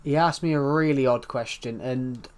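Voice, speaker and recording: A man hosting a live game stream, talking casually and in a rambling way to his viewers. His voice sits at an ordinary middle pitch. He greets people and thinks out loud as he reacts to the chat. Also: normal speed, clear, resonant tone.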